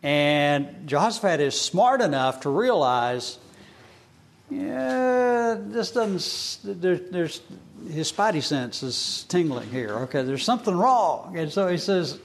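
A man's voice: a little high, lively intonation, slow pace, gravelly. A man teaching a Bible passage in a casual, conversational way, with frequent fillers and humorous asides. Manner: conversational, colloquial, hesitant, humorous.

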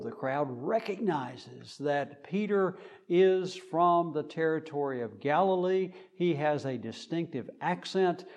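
A man preaching a sermon, speaking deliberately with frequent fillers. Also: on the high side, darkish tone, dull audio.

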